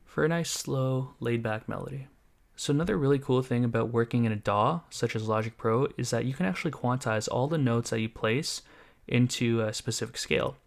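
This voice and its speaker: Calm man teaching music theory step by step. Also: mid-range voice, fairly quick, vocal fry. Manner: calm, methodical, walks through each step while playing examples. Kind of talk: step-by-step tutorial explanation.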